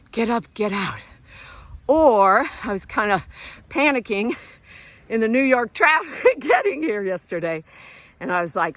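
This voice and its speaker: Woman, middle-aged, animated pitch, casual encouraging talk, slightly breathless, walking outdoors, crickets faintly behind. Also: unhurried, long pauses, no room sound. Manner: encouraging, conversational, breathing hard while hiking. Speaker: vlog host and self-help speaker. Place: outdoors walking around a lake.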